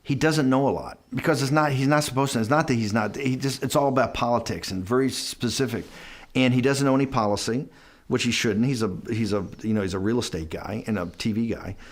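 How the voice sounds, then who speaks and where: An interview guest tells a long, rambling anecdote in conversation, restarting sentences and quoting others with "I go." His voice is medium-pitched and fairly quick.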